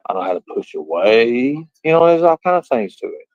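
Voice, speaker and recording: A man's voice: medium pitch, very animated, fairly quick, dry recording, lo-fi sound. Boastful, profane man ranting on a livestream. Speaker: livestream host. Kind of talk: casual livestream rant.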